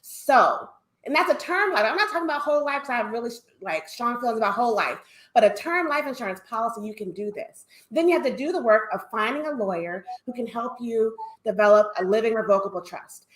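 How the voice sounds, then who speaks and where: A woman's voice: a little high, lively intonation, brisk, reverberant. A woman speaking as a panel guest, blunt and emphatic, repeating her key lines for weight. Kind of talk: panel discussion.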